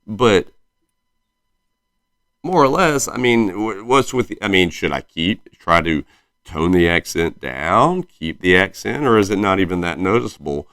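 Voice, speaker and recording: Thirties man, light Southern twang, low voice, dry close sound; casual rambling podcast host who self-corrects. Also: expressive, unhurried, fairly bright tone, no room sound. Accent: slight Southern US twang. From South Carolina. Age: 30s. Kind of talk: casual solo podcast chat.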